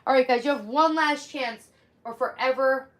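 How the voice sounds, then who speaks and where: A woman's voice: high voice, normal speed. Woman, forties, casual livestream host, chatty and friendly with viewers, home setup. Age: 40s. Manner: chatty, thanks viewers by name.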